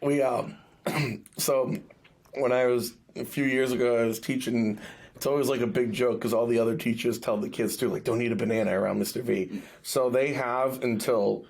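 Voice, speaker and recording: A man hosting a fishing podcast, telling stories in an animated, casual way with salty language. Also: medium pitch, normal speed. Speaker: podcast host and fishing guide. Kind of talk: casual chat.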